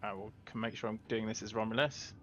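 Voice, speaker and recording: Quick-paced and lowish, with little pitch movement, this male player handles two characters at a tabletop game table, hesitating and correcting himself, filling his speech with fillers. The audio is dull, carrying a slight hiss or hum.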